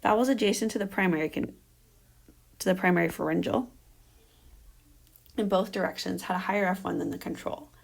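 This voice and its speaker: A woman presenting her dissertation defense in a measured, explanatory academic style, walking through results on slides with an occasional um. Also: mid-range voice, gravelly.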